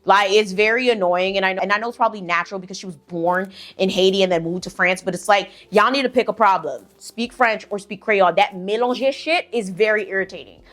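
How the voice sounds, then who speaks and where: A woman's voice: medium pitch, brisk, hardly any pauses, fairly bright tone. Young woman vlogger, blunt and profane, sassy storyteller in casual chat.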